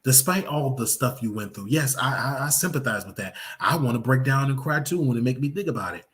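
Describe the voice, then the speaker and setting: A man's voice: mid-range voice, expressive, fairly quick, a bit bright. A man hosting a live reaction commentary show, talking in an emphatic, preachy way and repeating his points.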